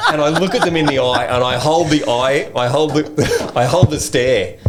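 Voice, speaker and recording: An Australian man co-hosting a podcast, chatting casually and telling animated stories with frequent laughter. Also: mid-range voice, moderate pace, hardly any pauses, noisy background. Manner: animated storyteller, laughs often. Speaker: podcast co-host. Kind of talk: casual chat.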